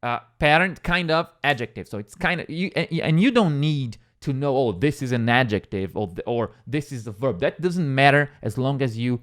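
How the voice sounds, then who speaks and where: Male English teacher, patient and repetitive, animated intonation. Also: medium pitch. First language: Portuguese. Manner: patient, repeats examples slowly, checks with "okay?". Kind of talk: explaining vocabulary lesson.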